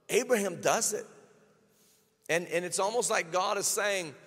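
High-voiced man preaching in a reverberant hall. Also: normal speed. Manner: emphatic preaching, swelling to loud climaxes and dropping low. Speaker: pastor. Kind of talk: sermon.

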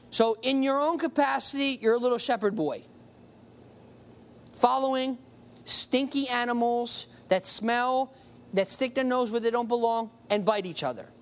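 A preacher reading scripture aloud and explaining it in a casual, conversational way, slowing down to stress key words. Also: medium pitch. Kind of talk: sermon with Bible reading.

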